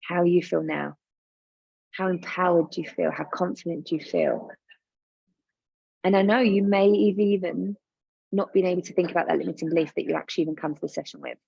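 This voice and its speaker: Gravelly-voiced woman coaching a guided exercise. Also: fairly low pitch, fairly even intonation, brisk, long pauses, warm tone, dry recording, muffled recording. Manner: soothing, encouraging, repeats instructions. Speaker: business coach.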